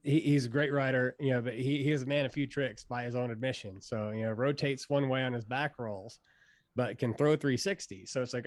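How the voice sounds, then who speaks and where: A man talks through wakeboard tricks in a loose, rambling way, pausing on "uh" and "you know". His voice sits in a middle pitch. The recording is close and dry. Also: no echo. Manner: relaxed, rambling, many fillers. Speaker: pro hydrofoil rider, guest. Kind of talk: casual instructional interview.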